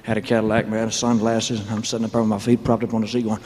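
A man's voice: on the low side, flat delivery, quick pace, darkish tone. Man rambling onstage in a hall. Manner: mumbled asides, chuckles and wisecracks, puts on quoted voices. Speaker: singer telling his career story on stage. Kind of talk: rambling stage monologue. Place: live concert stage. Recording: live hall with faint crowd ambience.

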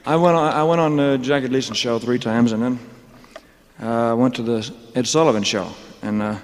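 A man's voice: medium pitch, fairly even intonation, normal speed. A man telling stories on a concert stage in a rambling, joking way, with laughing asides. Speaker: stage performer. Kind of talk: onstage storytelling monologue. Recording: live concert hall reverb.

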